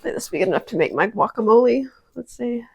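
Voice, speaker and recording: A woman's voice: on the high side, lively intonation, fast talker, gravelly, darkish tone, slightly rough. A woman casually testing kitchen gadgets at home, chatty and prone to dramatic exclamations. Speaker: product-testing vlogger. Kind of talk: casual kitchen product review.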